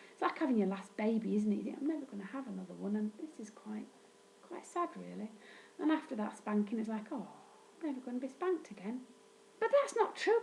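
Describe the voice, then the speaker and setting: A woman's voice: gravelly, slight background noise, poor audio. Wry, sweary woman storyteller. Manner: wry, deadpan, sweary humor with sudden pitch jumps. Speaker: vlogger recounting childhood. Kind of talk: casual storytelling monologue.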